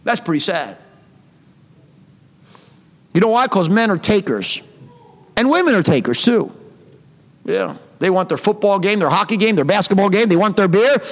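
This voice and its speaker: A high-pitched male pastor delivers a fiery, scornful sermon, reading King James scripture aloud. His voice rings out through a church with a long, lingering reverb. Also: big pitch swings, moderate pace, long pauses. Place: church sanctuary.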